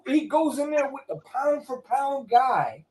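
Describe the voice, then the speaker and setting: A man hosting a casual boxing talk, animated and profane, telling stories with acted quotes. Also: very high voice, a little slow, a loud crowd. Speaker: host.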